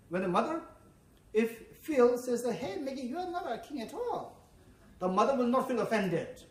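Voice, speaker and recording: A man with a high voice gives a lively Buddhist teaching, acting out little scenes in different voices and checking in with "yes, no?". He is a native Tibetan speaker. The sound is roomy and picked up from some distance. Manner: animated, acts out quoted voices, asks "yes, no?". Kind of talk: dharma teaching. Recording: echoey room, from far off.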